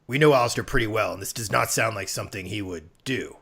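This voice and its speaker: A man playing a live tabletop game, measured and skeptical. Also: on the low side, crowd noise. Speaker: player.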